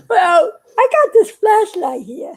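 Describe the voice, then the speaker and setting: A woman animator chatting casually with fans at home, excitable and laughing constantly. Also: very high-pitched, gravelly. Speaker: animator showing her work to fans. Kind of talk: casual home vlog chat. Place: her home, indoors.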